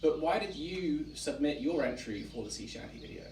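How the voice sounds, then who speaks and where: A man from England hosting a relaxed chat, explaining at length with frequent ums. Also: on the high side, brisk. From England (Wiltshire). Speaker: museum director and host. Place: historic tavern room, indoors. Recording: roomy, distant mic, faint background noise.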